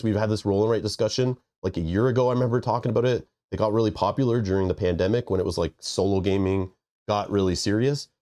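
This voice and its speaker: A man's voice: on the low side, darkish tone. A stuffy, nasal-sounding man rambling casually while hosting a live stream and thanking his viewers. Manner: rambling, joking asides. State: congested, nasal. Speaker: livestream host.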